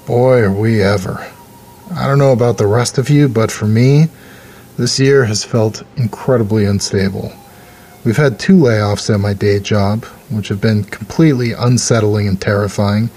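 A man's voice: lowish voice, steady tone, normal speed, warm tone. Reflective male podcast host. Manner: reflective, conversational. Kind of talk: casual podcast outro chat.

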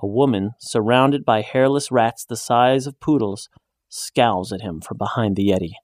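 A man reading a short story aloud in a measured, even storytelling voice, raising his pitch when he speaks the woman's lines. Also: no room sound, clean studio sound. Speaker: narrator. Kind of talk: scripted story narration.

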